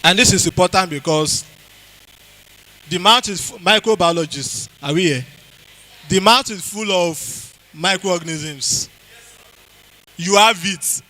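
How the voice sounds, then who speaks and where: Nigerian guy giving a health talk at church, highish bright voice, keeps quizzing the crowd. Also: unhurried, long pauses, low-quality recording. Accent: Nigerian English. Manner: quizzes the audience, repeats key phrases.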